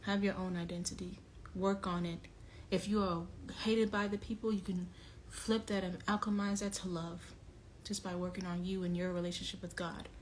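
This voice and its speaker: A young woman talks into her phone on a livestream in a low, level voice that stays flat. She is earnest and pointed, confronting someone directly before softening into pleading. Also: normal speed, a little hiss or hum. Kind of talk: emotional livestream monologue.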